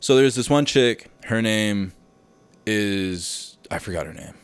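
Speaking slowly with lively intonation, a young man with a fairly low, clean-toned voice hosts a casual solo podcast from a home room with a recording setup, and there's no echo. He rambles, gets sidetracked, curses freely and leans heavily on "dude."

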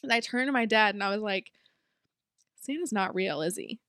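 A young woman co-hosting a podcast in casual chat, telling a rambling story that she breaks up with quick bursts of speech. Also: medium pitch, expressive, fairly bright tone, dry recording, clean studio sound. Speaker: podcast co-host.

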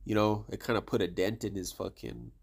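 Male co-host, low voice, casual rambling chat. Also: fairly even intonation, fairly quick, gravelly. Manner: rambling, swears a lot, trails off with "I don't know". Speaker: podcast co-host.

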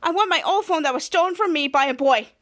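Lady reading a grumpy stubborn girl, high bright voice. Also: expressive, fast.

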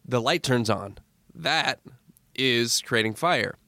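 A man talking as a guest on a podcast, telling stories in a lively, joking way with quick asides. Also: mid-range voice, no room sound. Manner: animated storyteller, jokey asides. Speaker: comedy producer, guest. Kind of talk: casual podcast chat.

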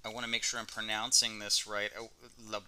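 Male podcast co-host, easygoing, laughs a lot, very bright smooth voice. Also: lowish voice, flat delivery, brisk. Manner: laughs often, hesitant with fillers over names. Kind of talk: casual podcast chat.

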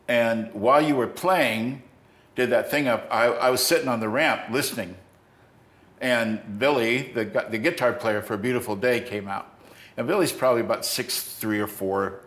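An older man with a middle-pitched voice hosts a conversation and tells a long personal story. He talks haltingly and often starts a thought over. The room around him sounds echoey. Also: a bit bright. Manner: halting, with many restarts. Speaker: podcast host.

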